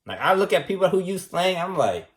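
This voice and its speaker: A man's voice: high voice, very animated, a little fast. A man delivering a rambling, preachy monologue, repeating himself and tagging lines with "man" and "right". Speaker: vlogger.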